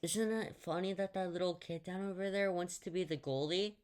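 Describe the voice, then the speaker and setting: A woman's voice: on the low side, a little fast, a little mellow, close to an everyday voice. A woman voicing a pushy, scheming boy at summer camp in a storytime video, speaking close to her own voice. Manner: pushy, mock-threatening.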